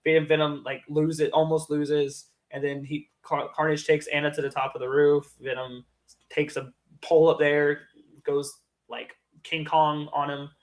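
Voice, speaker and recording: A man co-hosting a casual movie review podcast, retelling scenes with lively quoted lines. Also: on the high side, a little slow. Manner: animated retelling, acts out quotes in raised voices. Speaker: podcast co-host.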